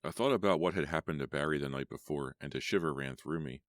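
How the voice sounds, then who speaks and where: A man narrating a first-person horror audiobook in a measured storytelling manner. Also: rumbling low, no echo, clean studio sound.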